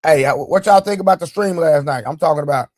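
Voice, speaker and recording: A man with a slightly high voice talks quickly, and the recording is dry. He hosts a casual live stream, joking loosely, greeting viewers by name and talking straight to his chat. His leg is sore, and he eats while he streams.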